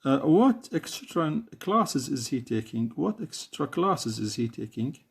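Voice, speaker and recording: A male English teacher, a native Arabic speaker, working slowly through questions and answers in a lesson, repeating them. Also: medium pitch, sing-song, vocal fry, breathy edge. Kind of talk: classroom lesson explanation.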